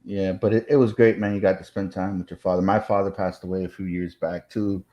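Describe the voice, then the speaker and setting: A man's voice: low voice, level tone, fairly quick, warm tone, lo-fi sound. Laid-back man hosting a live stream. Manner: laid-back, lots of agreeing fillers. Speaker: host.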